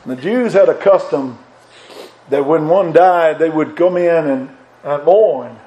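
A man's voice: a little high, measured pace, mellow, lo-fi sound. A male preacher delivering a sermon. He recites scripture in old-fashioned biblical wording, rises in fervent emphasis on repeated refrains, and often restarts and repeats words.

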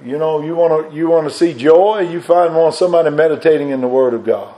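A man preaching a sermon with a fervent, repetitive cadence, climbing higher and louder on emphatic points and dropping low and soft on reflective ones, with halting restarts. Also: poor audio. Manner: rises in pitch and force on emphatic points, drops low and soft on reflective lines.

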